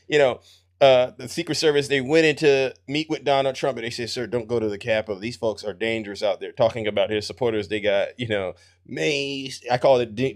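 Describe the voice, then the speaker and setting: An excitable man runs a live political stream, talking to his audience in a voice of middling pitch. He laughs often and breaks into bursts of emphasis, turning every clip into a running reaction. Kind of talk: animated live-stream commentary.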